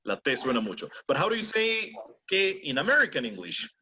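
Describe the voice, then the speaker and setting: Lively bilingual English teacher. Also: male voice, on the high side, a little fast, slightly rough. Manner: switches between English and Spanish, drills students with repeated words. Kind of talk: online class teaching pronunciation.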